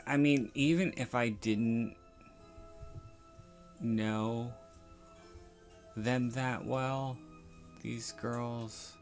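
Slow gravelly male podcast host. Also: medium pitch. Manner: rambling, profane, unhurried. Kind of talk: casual episode review.

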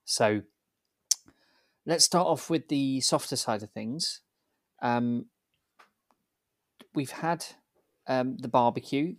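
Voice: medium pitch, dry recording, clean studio sound. A podcast co-host in casual chat who teases, laughs often and steers the conversation back to the episode.

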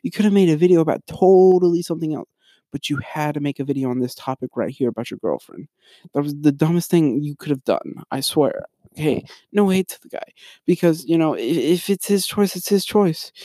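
Recorded dry and clean in a studio, a young podcast co-host with a fairly high, warm voice talks a little fast. He rants casually and rambles, constantly restarting his sentences and going off on sidetracks.

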